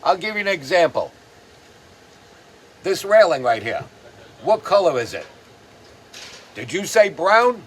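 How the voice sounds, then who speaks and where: A man's voice: high voice, big pitch swings, unhurried, long pauses, a bit bright, husky. A man hosting his own show, delivering a profane, sarcastic ranting commentary. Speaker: host.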